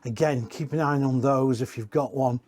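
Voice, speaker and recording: A man's voice: mid-range voice, fairly even intonation, moderate pace, a little mellow, no echo. A man giving a casual, rambling walk-around tour inside used caravans, chatting and correcting himself as he goes. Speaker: caravan industry reviewer.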